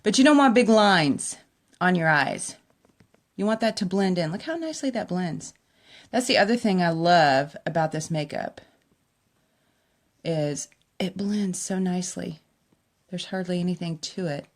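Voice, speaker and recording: A woman's voice: fairly low pitch, expressive, a little slow, long pauses. Chatty woman vlogging a makeup tutorial. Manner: chatty and enthusiastic, talks to viewers directly. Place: at home by a window.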